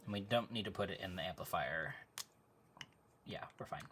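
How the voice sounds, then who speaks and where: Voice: low-pitched, normal speed, fairly bright tone, a little hiss or hum. A live-stream host chatting casually with viewers while crafting at home, easily sidetracked and laughing often. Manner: talks to live chat. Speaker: livestream host.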